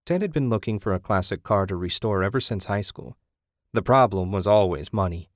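This is scripted narration of a novel by a man working as an audiobook narrator. He keeps a steady, measured delivery in a lowish register, captured dry and up close with no room sound at all.

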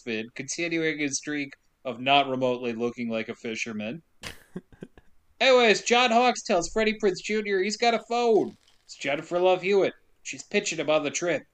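A man co-hosting a casual podcast, recapping a movie with lots of laughter and acted-out quotes. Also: on the high side. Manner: animated, laughs often, acts out quotes. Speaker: podcast co-host.

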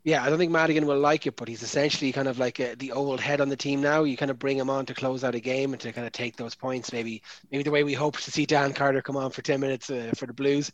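A man's voice: medium pitch, steady tone, fast talker, hardly any pauses, no echo, low-quality recording. A man talking rugby in a hesitant way, with many ums and restarts. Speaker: podcast co-host. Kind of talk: casual sports chat.

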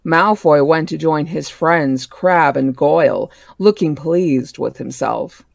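A book club podcast host reads a novel aloud, plain and measured. The pitch sits in the middle range. The recording is dry and close, with no room echo. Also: gravelly. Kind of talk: reading aloud a novel, casual.

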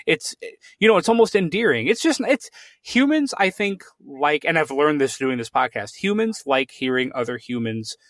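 A man's voice: on the high side, very animated, moderate pace, a bit bright, no echo, studio quality. An American man hosting a podcast, chatting in a friendly, playful way and often repeating words as he starts a thought. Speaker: podcast host. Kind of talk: casual interview chat.

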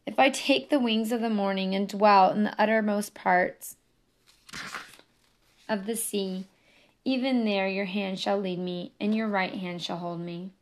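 A woman's voice: mid-range voice, measured pace, lightly acted. Solemn man reciting scripture, as a woman narrator reads him. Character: devout foreign man reading scripture aloud. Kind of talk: reading a memoir aloud.

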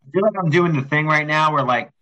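A young man co-hosting a casual sports podcast, excitable and rambling, with some swearing. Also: fairly high pitch, fast talker, dull audio. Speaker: podcast co-host.

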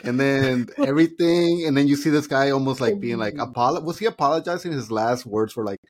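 A man's voice: mid-range voice, quick pace. A man co-hosting an anime review podcast in casual chat, rambling and packing his talk with fillers. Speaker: podcast co-host.

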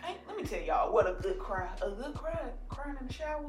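Young woman with a very lively voice. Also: on the high side, a little fast. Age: 20s. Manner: encouraging, frequent affirmations, bursts of laughter. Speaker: podcast co-host. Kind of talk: casual chat. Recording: roomy, distant mic with background noise.

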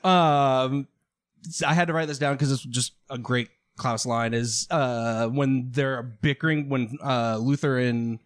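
A man's voice: medium pitch, fairly even intonation, unhurried. A man co-hosting a casual podcast chat, laughing often and animatedly retelling scenes. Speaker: podcast co-host.

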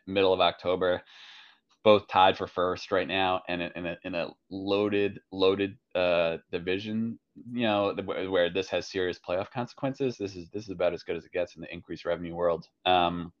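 A man co-hosting a fantasy football podcast, chatting in a relaxed, rambling way with many fillers. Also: deep voice, normal speed, muffled recording. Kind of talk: casual chat.

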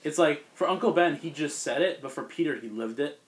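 Dude on a podcast rambling through a comic plot, doing little voices for the characters. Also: male voice, fairly high pitch, lively intonation, brisk. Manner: rambling storyteller acting out characters. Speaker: podcast host recapping comics. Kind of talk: casual chat.

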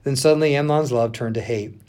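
This pastor's mid-range voice runs a little fast as he reads Scripture aloud for a podcast. He gives the text lively expression, occasionally stopping to confirm how a name should be said.

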